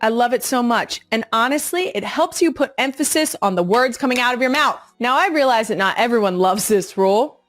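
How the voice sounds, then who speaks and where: A woman's voice: a little high, expressive, a little fast, hardly any pauses, a bit bright, dry recording, soft background music. Blunt, sassy woman podcast host. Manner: blunt, sassy, swears freely. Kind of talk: casual monologue.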